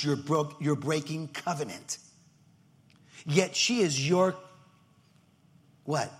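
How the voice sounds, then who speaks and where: Preaching with emphasis, a male pastor veers from shouting to almost whispering and impersonates people in his congregation. His voice is fairly high and shows vocal fry.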